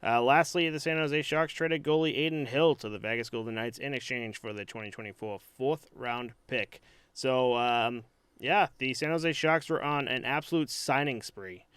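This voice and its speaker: A man's voice: medium pitch, moderate pace, a bit bright, clear, resonant tone, no echo. A man co-hosting a podcast in casual sports chat, rambling and hesitant with frequent fillers and restarts. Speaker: podcast co-host.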